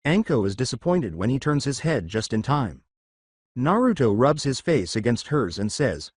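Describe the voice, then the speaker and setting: A man reading scripted fan-fiction narration in an even way. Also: mid-range voice, normal speed, slightly rough, no echo, studio quality.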